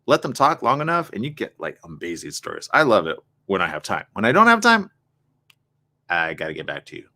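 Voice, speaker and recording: A man's voice: on the low side, a little fast. A man hosting a live online morning show, chatting casually and reading viewer comments in a rambling way, often checking in with his audience. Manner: rambling, animated, asks the audience "you get it?".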